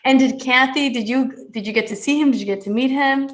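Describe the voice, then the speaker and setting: A woman with a fairly high voice hosts a casual interview. She talks with warm enthusiasm and her questions ramble on. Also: brisk. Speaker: podcast co-host.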